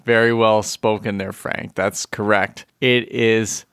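A man's voice: on the low side, flat delivery, slow pace, a bit bright, clear, resonant tone, no echo, studio quality. A man co-hosting a podcast in casual, amused chat, stretching words out for emphasis. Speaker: podcast co-host.

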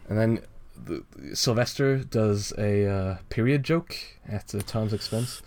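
A man's voice: on the low side, measured pace, darkish tone. A young man co-hosting a podcast, chatting casually and rambling through a story with many fillers and laughs. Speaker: podcast co-host. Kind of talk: casual chat reading a fan comic aloud.

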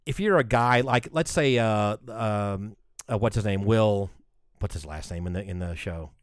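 A man's voice: fairly low pitch, normal speed, no room sound, studio quality. A man in casual chat, rambling through his opinions with many restarts and filler words.

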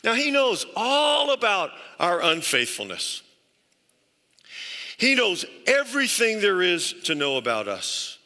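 A man's voice: high voice, wildly swooping pitch, takes it slowly, bright, forceful tone, long reverb tail. A male pastor preaching a sermon, telling stories earnestly and stressing points through repetition. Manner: earnest storytelling with emphatic repetition.

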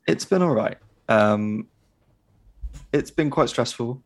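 A man's voice: mid-range voice, expressive, slow pace. A man, a games journalist, co-hosting a podcast with wry, dry quips. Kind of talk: casual banter.

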